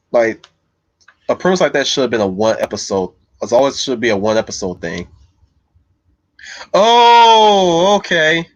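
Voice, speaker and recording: A man's voice: medium pitch, no room sound. A man hosting a livestream, chatting casually and meandering as he answers viewers' comments. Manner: loose, meandering, thinks aloud while answering viewers. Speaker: livestream host reading chat. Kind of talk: casual rambling livestream chat. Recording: slightly dull lo-fi mic, dry.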